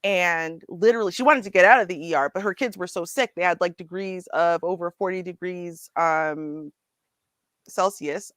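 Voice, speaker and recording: A woman hosting a casual commentary show, animated and sarcastic, laughing often and talking straight to her viewers. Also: on the low side, moderate pace, no echo. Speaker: host. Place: Ontario.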